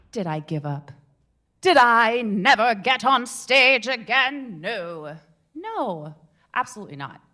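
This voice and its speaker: A woman in her twenties hosting a public speaking meetup, telling stories to a live group in a theatrical, animated way. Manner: animated, theatrical storyteller with big swings in pitch and volume. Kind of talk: lively workshop talk to a live group.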